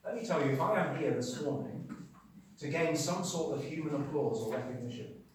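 Man preaching, emphatic, rhetorical questions, higher voice, very echoey hall, distant mic. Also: animated, a little fast, a little hiss or hum. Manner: emphatic, rhetorical questions, swings from loud to quiet. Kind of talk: sermon.

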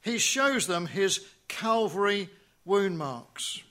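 A man preaching a sermon in a measured way, asking rhetorical questions and dropping to a hush on key phrases. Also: high-pitched, expressive.

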